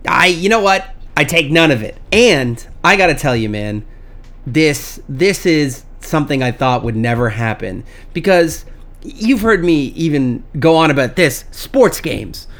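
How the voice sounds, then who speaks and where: A young man chats on a comedy podcast in loose, joking banter, his voice sitting a little high for a man. He swears freely and blows small things up for laughs. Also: lively intonation, unhurried, fairly bright tone. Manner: swearing, playful exaggeration. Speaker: podcast co-host.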